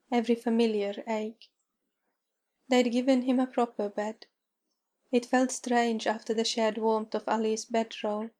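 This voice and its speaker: Slow, even woman storyteller. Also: fairly high pitch. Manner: measured, even. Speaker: narrator. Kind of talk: storybook reading.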